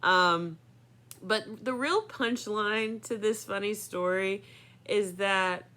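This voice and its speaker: A woman's voice: mid-range voice, slow, pushed and bright. Chatty woman in her thirties telling a story. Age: 30s. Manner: chatty, filler-heavy, laughing often. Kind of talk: personal storytelling.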